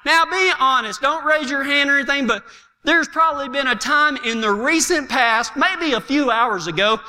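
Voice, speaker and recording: A man preaching a sermon, telling stories and swinging from quiet asides to shouting. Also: very high-pitched, moderate pace, in a large hall. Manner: animated storytelling, swings from hushed to shouting. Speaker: pastor.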